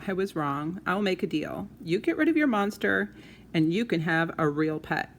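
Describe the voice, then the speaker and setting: Woman playing a loud, exasperated but kind mother. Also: on the low side, expressive, normal speed, slight background noise. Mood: gentle. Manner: calling out loudly.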